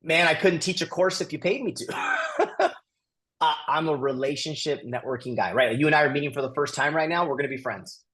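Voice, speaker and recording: A man's voice: on the high side, quick pace, hardly any pauses, fairly bright tone, poor audio. A man in his thirties, a guest on a casual podcast, who talks with enthusiasm and acts out quoted conversations. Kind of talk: casual interview chat.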